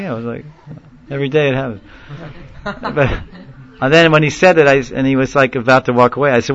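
A man telling a long story in a casual, rambling way, often laughing and getting animated when he quotes people. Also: mid-range voice, fast, dull audio. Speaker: speaker recounting a story in a class. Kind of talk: informal storytelling talk.

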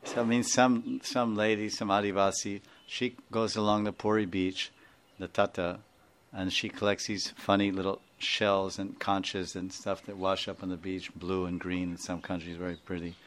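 A man's voice: deep voice, level tone, moderate pace, a little hiss or hum. A man with an Indian accent, a spiritual teacher giving an informal class, rambling, chuckling and often asking his listeners to confirm.

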